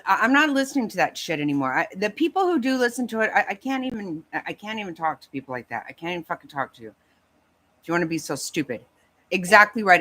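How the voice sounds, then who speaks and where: A woman's voice: on the low side, a bit bright. Lady ranting on her stream, swears constantly, voice swinging all over. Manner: profane, blunt, heated. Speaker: livestream host. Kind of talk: angry casual rant to chat.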